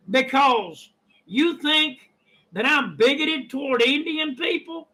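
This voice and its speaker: A man with a Kentucky country accent vents in a casual vlog, sounding indignant and defensive. His voice sits unusually high and has a bright, forceful edge. He drags his words out slowly. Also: animated, rough recording. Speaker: YouTuber.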